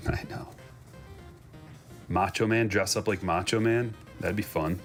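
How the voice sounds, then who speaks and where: Low-voiced man hosting a card break. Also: takes it slowly, soft background music. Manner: excited, joking, chatty. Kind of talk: casual live commentary while opening packs.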